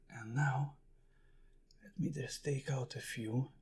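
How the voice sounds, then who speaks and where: A man's voice: mid-range voice, fairly even intonation, slow pace, a little mellow, a little hiss or hum. A man talking casually to camera in a food tasting vlog, explaining and eating as he goes. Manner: chatty, talks while eating and handling jars. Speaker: food vlogger.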